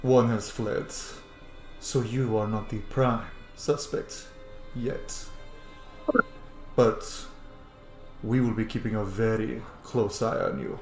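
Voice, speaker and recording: A man voicing a cold, menacing older general who speaks in a low, hushed murmur, recorded in a roomy space. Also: steady tone, slow, long pauses, soft background music.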